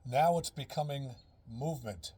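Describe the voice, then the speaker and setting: A man's voice: mid-range voice, moderate pace, mellow, slightly rough. A man in a casual instructional vlog, explaining earnestly step by step and repeating his key phrases. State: out of breath. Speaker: fitness and breathing instructor.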